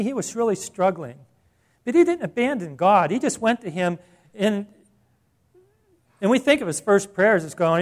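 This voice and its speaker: A man's voice: high-pitched, animated, moderate pace, long pauses. A man preaching a sermon in a conversational way, piling up rhetorical questions and rising in emphasis. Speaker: pastor.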